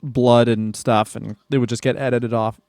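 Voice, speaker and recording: A man's voice: mid-range voice, level tone, gravelly, a little mellow, no room sound, clean studio sound. A man co-hosting a comedy podcast, riffing in a jokey, casual way. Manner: riffing, jokey, with quick impressions. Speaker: podcast co-host.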